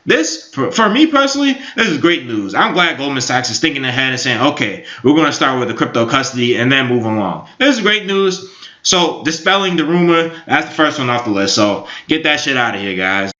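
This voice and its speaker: A man's voice: medium pitch, expressive, fairly quick, pushed and bright. A man in his twenties giving rambling, upbeat casual commentary on crypto markets, full of fillers. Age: 20s. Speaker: crypto YouTuber. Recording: echoey room, dull lo-fi sound.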